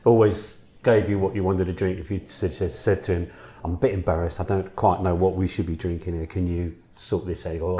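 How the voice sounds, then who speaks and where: A man's voice: deep voice, steady tone, a little fast, few pauses, dark tone. A man casually telling anecdotes, swearing and laughing often.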